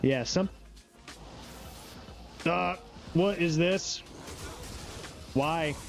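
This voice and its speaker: A man's voice: fairly high pitch, very slow, vocal fry, soft background music. A man streaming a game live, chatting casually in a laid-back, rambling way and reading chat aloud.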